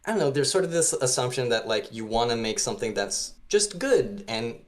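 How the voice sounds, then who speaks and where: Male game designer guest, relaxed conversational delivery, average pitch. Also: a little fast. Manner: loose and chatty, peppered with "like". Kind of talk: casual podcast chat.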